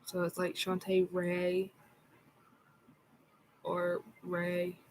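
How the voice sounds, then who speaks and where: A woman telling a personal story in a casual vlog, in a soft, halting way with frequent fillers. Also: fairly low pitch, completely flat delivery, slight background noise, rough recording. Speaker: vlogger.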